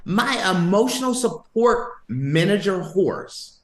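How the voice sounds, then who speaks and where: A man's voice: sits high, takes it slowly, roomy sound. A man hosting a sports podcast, ranting and joking emphatically in casual banter. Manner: animated, joking, emphatic rants.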